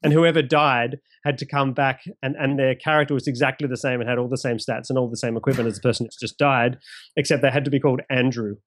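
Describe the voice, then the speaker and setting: A man's voice: mid-range voice, fairly even intonation, quick pace, dry recording. Chatty Australian man, dry sound. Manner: chatty, repeats words at starts, laughs easily. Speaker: game master of a streamed tabletop show. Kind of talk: casual interview talk.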